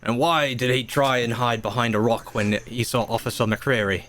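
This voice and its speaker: A man's voice: mid-range voice, fairly even intonation, normal speed, noisy background. A man reading lines in a playful comedy table read of an old radio play.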